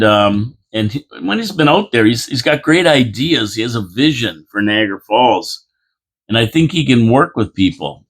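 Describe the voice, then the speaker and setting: A man hosting a casual local politics show, rambling and chatty, repeating phrases and reading out viewer comments with mock-indignant asides. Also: mid-range voice.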